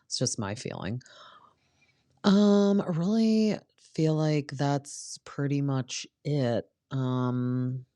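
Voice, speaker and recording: A woman's voice: rumbling low, expressive, extremely slow, mellow, dry recording, clean studio sound. A woman hosting a podcast, chatting casually through a reality TV recap and filling her talk with "like". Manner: chatty, peppered with "like". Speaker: podcast host.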